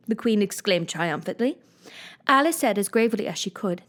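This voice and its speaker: A woman reading a classic storybook aloud in an expressive manner. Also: mid-range voice, a little fast. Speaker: reader.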